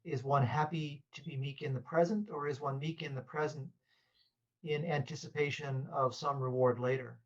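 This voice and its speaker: A man moderating a church discussion, posing questions in a measured way. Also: medium pitch, steady tone, muffled recording.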